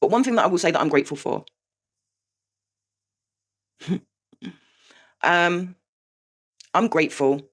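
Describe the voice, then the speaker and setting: A woman's voice: on the low side, expressive, a little slow, long pauses. A woman talking candidly to camera in a confessional vlog, frank and sweary, with rueful laughs. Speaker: vlogger.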